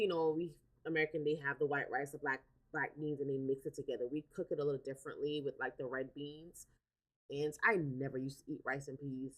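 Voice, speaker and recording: Low-voiced chatty woman hosting a livestream. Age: adult with a daughter. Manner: chatty, repeats words, many fillers. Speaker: livestream host. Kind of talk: casual live-stream chat.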